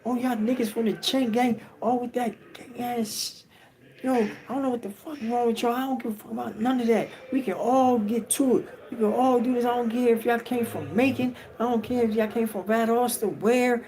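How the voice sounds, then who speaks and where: Guy doing a young inmate hollering, pitched way up, mellow tone. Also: fairly even intonation, fairly quick, poor audio. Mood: defiant. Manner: loud, profane, raised pitch. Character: young male inmate, defiant and yelling.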